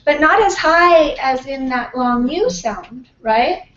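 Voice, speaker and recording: A woman teaching a pronunciation workshop, modeling words slowly and checking in often with her class. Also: high voice, expressive, fairly bright tone. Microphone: distant room mic. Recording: echoey classroom from far off, dull and slightly noisy.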